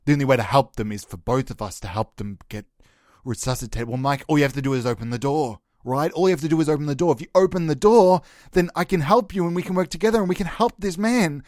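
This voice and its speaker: A man improvising a comedy bit as a podcast host, melodramatic, swinging between hushed mumbling and high mock-crying. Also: fast talker, dry recording, studio quality.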